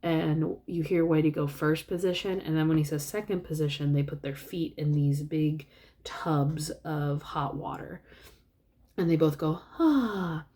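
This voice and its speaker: A woman's voice: low-pitched, steady tone, measured pace, warm tone. A woman vlogger casually retelling a film plot in a rambling way. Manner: rambling, many fillers and restarts.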